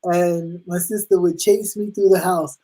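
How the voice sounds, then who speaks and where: A man co-hosting a casual chat, telling animated stories and acting out his family's voices, swearing freely. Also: sits high, measured pace, rough recording. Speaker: co-host.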